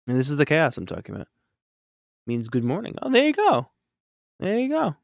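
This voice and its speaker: A man's voice: on the high side, huge pitch swings, fairly quick, gravelly, no echo, clean studio sound. A man painting on a live stream, chatting casually and reacting to chat in an upbeat, rambling way.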